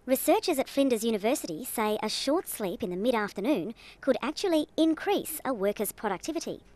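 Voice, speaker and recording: A woman news reporter reads a voice-over in a slightly high voice. Her delivery is measured and steady.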